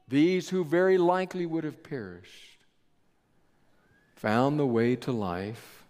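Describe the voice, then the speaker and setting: A man preaching a sermon in a church, slow and deliberate with dramatic pauses. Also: on the high side, darkish tone. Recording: long reverb of a large hall.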